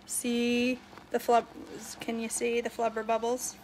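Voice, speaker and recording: A woman's voice: on the high side, completely flat delivery, measured pace, darkish tone, a little hiss or hum. A woman vlogging from her home kitchen stove, chatting and joking in a playfully bossy way as she cooks for a camera set up nearby. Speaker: cooking vlogger. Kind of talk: casual cooking demonstration. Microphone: camera set up near the stove. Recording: clattering pots and whisking behind voice.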